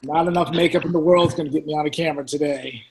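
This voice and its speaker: A chatty, upbeat person greets people arriving on a video call. The line carries clear background noise. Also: mid-range voice, fairly even intonation, racing. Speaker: call organizer. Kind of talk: casual chat greeting attendees.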